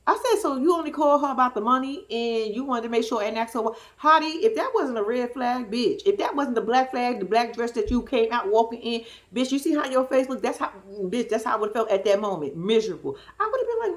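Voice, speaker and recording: A woman's voice: fairly high pitch, very animated, normal speed. A woman giving a sassy, casual recap of a reality TV episode, acting out the cast's lines in her own voice. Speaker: reality TV commentator.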